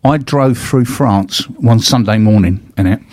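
A man's voice: on the low side, measured pace, darkish tone, dry recording. A man hosting a casual chat, telling rambling stories with restarts and laughs. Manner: chatty anecdotes, frequent restarts and laughs. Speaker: host.

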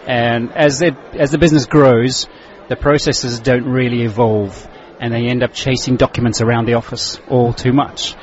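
A man working as a software consultant, explaining his product steadily in a trade-show interview. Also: mid-range voice, fairly even intonation, normal speed, dull audio.

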